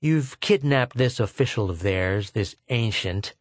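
A sneering male lieutenant, as a male narrator puts him on, taunting and contemptuous. His voice rides a little higher than the reader's own. The sound is close and dry, as in an audiobook. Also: animated, unhurried, no room sound. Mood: mocking.

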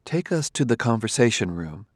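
A man voicing a calm, formal male partner who speaks gently and precisely. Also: mid-range voice, normal speed, husky, no room sound, clean studio sound.

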